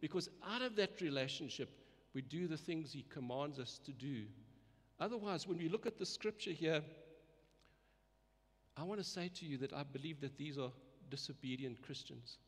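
A man's voice: on the high side, animated, moderate pace, slightly rough. A man preaching a sermon in an earnest way, often repeating words and letting his voice rise and fall for emphasis. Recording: long reverb of a hall.

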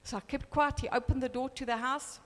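A woman in her fifties giving a personal testimony, telling an animated story and acting out the dialogue. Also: sits high, brisk, big-room sound.

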